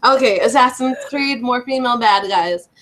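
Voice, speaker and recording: High-pitched woman, podcast co-host, casual and opinionated. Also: moderate pace, noisy background. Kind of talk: casual chat.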